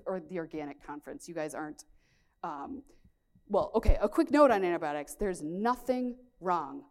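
Casting: plain-spoken woman farmer, slightly low voice, conference presenter, frank and practical. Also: a little mellow. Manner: candid, frank, many "um" fillers. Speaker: pig farmer giving a conference talk.

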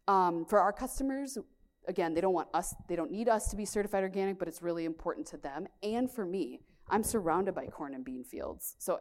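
A woman's voice: on the low side, a little mellow. A woman farmer presenting a conference talk with slides, speaking candidly with many fillers.

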